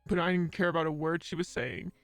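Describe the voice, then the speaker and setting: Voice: mid-range voice, quick pace, gravelly, no room sound, faint music behind, close to an everyday voice. A streamer voicing a brash, distrustful young man who swears a lot while reading game dialogue aloud. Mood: scornful. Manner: swearing, scornful.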